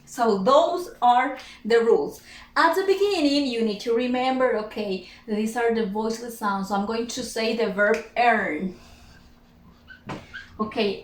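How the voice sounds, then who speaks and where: Woman, English teacher, slightly high voice, repeats words, distant mic in echoey room. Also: slight background noise. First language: Spanish. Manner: drills words by repeating them several times. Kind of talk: slow, repetitive pronunciation lesson.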